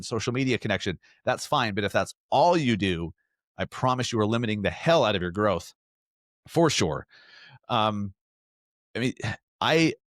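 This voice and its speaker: A man's voice: fairly low pitch, a bit bright, no echo, clean studio sound. A man hosting a solo podcast, talking earnestly and emphatically with frequent restarts. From Salt Lake area, US. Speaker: podcast host.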